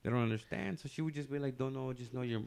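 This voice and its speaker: A man with a gravelly, creaky voice tells a personal story in casual podcast chat. He rambles loosely, doubling back on himself with plenty of fillers and restarts. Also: medium pitch, fast, a little mellow. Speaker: comedian podcast guest telling a story.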